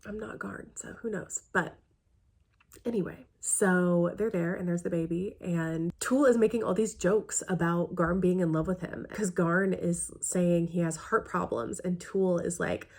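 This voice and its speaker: Chatty woman with a gravelly voice. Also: fairly low pitch, normal speed. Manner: chatty and emotional, with trailing asides and quiet muttered remarks. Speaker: reaction video host. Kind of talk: casual recap of a film.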